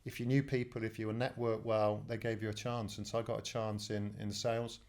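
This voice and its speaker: Gravelly-voiced man in his fifties. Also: fairly low pitch, level tone, brisk, darkish tone. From England. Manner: chatty, self-deprecating, many restarts. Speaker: guest, telecoms director. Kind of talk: casual storytelling interview. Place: studio.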